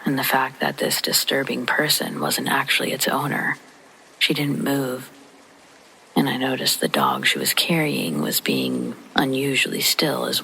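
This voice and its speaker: Hushed, gravelly storyteller over faint rain. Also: mid-range voice, a little hiss or hum, low-quality recording. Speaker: narrator of scary stories. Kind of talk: hushed sleep-story narration.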